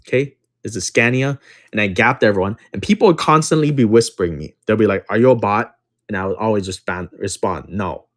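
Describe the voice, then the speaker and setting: A man hosting a card-breaking livestream, telling a story in a brash, profane, casual way, repeating lines for emphasis and counting down between breaks. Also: lowish voice.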